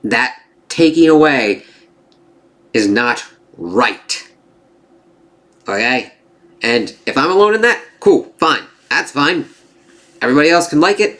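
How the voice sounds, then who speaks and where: A man's voice: medium pitch, a bit bright. A man giving an opinionated spoken review of a TV series. He is blunt and exasperated, swears heavily, and slips into mocking voices when he quotes characters.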